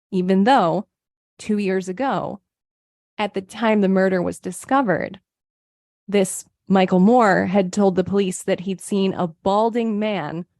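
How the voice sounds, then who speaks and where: A woman narrates a true crime case for a podcast, mid-pitched and reading steadily from her notes. The recording is close and dry, with no room sound. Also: darkish tone, no echo. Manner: reads case details from a script, quoting sources. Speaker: podcast co-host.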